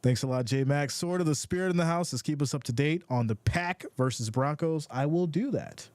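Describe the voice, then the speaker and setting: A man's voice: fairly high pitch, brisk, a little mellow, dry recording. Upbeat New York man hosting a stream. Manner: upbeat, repeats phrases, greets chat viewers by name. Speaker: live stream host. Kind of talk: casual live-stream chat.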